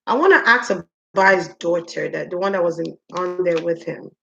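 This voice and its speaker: A woman with a fairly low, creaky yet fairly bright voice gives a casual spoken spiritual reading, and the sound is lo-fi. She muses aloud, drawing out her words and addressing the spirits directly.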